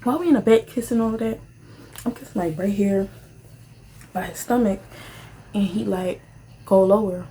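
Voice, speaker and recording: A young woman, casually telling a rambling storytime while eating, animated and full of slang, jumping to high squeals when excited. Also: moderate pace, long pauses, a little hiss or hum. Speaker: vlogger.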